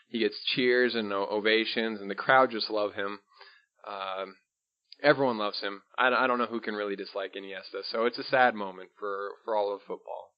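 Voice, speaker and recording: A man with a lowish voice co-hosts a casual football podcast. He talks through the matches in a loose, conversational way, with fillers and restarts. The sound is dull and lo-fi. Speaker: podcast co-host.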